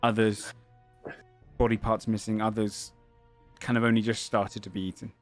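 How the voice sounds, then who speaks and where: A man's voice: on the low side, level tone, moderate pace, soft background music. A man running a tabletop game as game master, describing scenes at length with frequent fillers and self-corrections.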